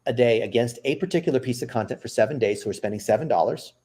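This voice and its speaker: Man explaining marketing, mellow voice. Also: mid-range voice, breathy edge. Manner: explanatory, quick asides, frequent "right?". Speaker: podcast guest, marketing executive. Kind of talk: casual interview talk.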